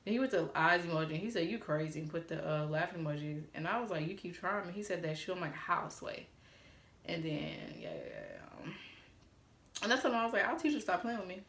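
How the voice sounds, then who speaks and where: A woman telling a casual storytime on her phone, animated and swearing freely as she quotes text messages aloud. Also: lowish voice, fairly quick, echoey room. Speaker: vlogger.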